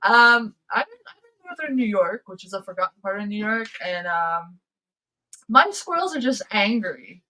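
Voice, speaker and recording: Bright-voiced woman chatting on a livestream. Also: medium pitch, animated, normal speed, poor audio. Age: adult, past high school. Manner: rambling storyteller, laughs often. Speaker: livestream host. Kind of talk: casual chat with viewers.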